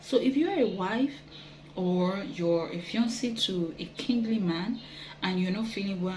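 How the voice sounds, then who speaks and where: Gentle, earnest woman giving marriage advice. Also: mid-range voice, moderate pace, noisy background. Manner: gentle, earnest, with soft laughs and quoted asides. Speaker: relationship teacher. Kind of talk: advice talk to wives.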